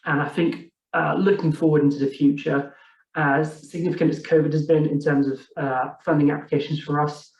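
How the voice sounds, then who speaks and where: A grants officer with a fairly high voice gives a friendly, halting presentation over a video call. He sits far from the mic in an echoey room, and the sound is dull and lo-fi. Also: level tone, a little mellow.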